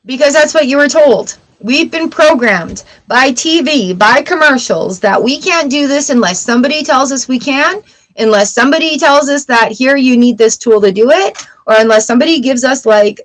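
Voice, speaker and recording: A woman's voice: high voice, lively intonation, moderate pace, poor audio. A woman hosting a livestream, talking candidly and encouragingly in a casual advice chat. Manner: candid, encouraging, self-talk asides. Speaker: tarot livestream host.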